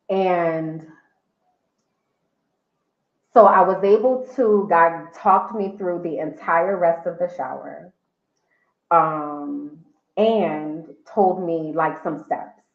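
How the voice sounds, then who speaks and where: A woman telling a personal life update in a candid, emotional way, with casual slang. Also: sits low. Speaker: vlogger sharing a life update. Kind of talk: personal livestream story. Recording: tinny phone-like sound in an echoey room.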